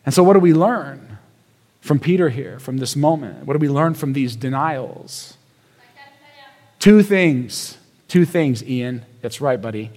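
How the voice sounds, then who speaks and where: A man's voice: medium pitch, animated, unhurried, darkish tone, long reverb tail. A male pastor preaching a sermon in a casual storytelling way, with repetitions and rhetorical questions.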